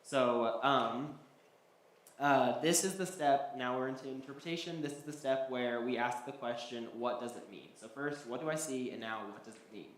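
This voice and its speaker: A man's voice: medium pitch, normal speed. A man teaching a Bible study class, talking loosely with many ums and restarts. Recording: echoey hall, faint background noise.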